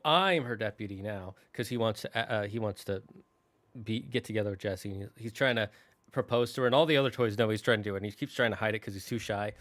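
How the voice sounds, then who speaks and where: Guy chatting thru a movie plot, mid pitch, lively, keeps restarting, slips into little voices. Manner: animated, restarts often, slips into quick character voices. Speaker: channel host. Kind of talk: casual retelling of a movie plot.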